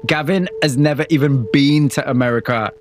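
A male radio host who narrates a scripted story and asks measured, sympathetic interview questions. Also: medium pitch, background noise.

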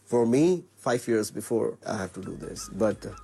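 A man from Punjab with a Punjabi accent, a singer answering interview questions in a halting, earnest way with many fillers. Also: on the low side, animated, creaky, warm tone, slightly rough.

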